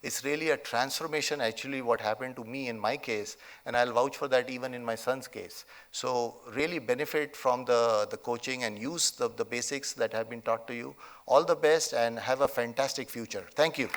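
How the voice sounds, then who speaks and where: A man's voice: medium pitch, normal speed, fairly bright tone. A middle-aged man with an Indian accent giving a motivational convocation speech, emphatic, often adding "okay?" and "you know". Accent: Indian English. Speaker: convocation chief guest speaker. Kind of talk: motivational speech with a told story. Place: large convocation hall.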